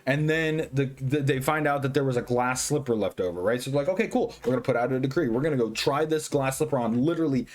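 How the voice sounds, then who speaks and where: A man's voice: medium pitch, fast talker, few pauses. Profane, rambling tipsy man. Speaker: host. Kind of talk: drunk movie review.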